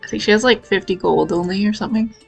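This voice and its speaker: A woman's voice: mid-range voice, fast talker, creaky, slightly rough, soft background music. A woman playing in a tabletop game, tentative and unsure as she talks. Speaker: tabletop player. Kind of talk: casual game chat.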